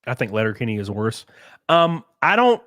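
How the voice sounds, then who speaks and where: Stuffy with a runny nose, this Alabama man hosts a livestream and rants in a casual, profane, mocking and animated way. His mid-range voice moves at a moderate pace, in clean studio sound without echo.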